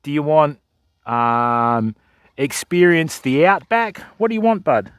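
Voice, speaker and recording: Aussie fishing streamer bloke, middle aged, chill and jokey, slightly high voice. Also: male voice, sing-song, takes it slowly, smooth, dry recording, studio quality. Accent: Australian. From Australia. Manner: laid-back, joking, chatty. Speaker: fishing livestreamer. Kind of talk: casual chat with viewers.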